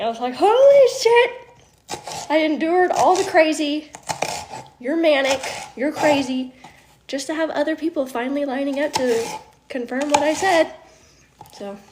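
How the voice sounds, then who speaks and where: A woman's voice: high-pitched, noisy background. Chatty woman cooking on a live stream. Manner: chatty, laughs often, swears casually. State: teary from onions. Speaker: livestream host. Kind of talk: casual live-stream chat while cooking. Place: home kitchen.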